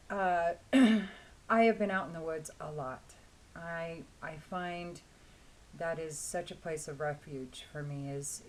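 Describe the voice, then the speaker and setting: Hoarse woman reviewer, casual rambling delivery, slightly low voice, light background hiss. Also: darkish tone, low-quality recording. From Washington State, US. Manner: chatty, rambling, frequent throat-clearing. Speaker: fragrance reviewer.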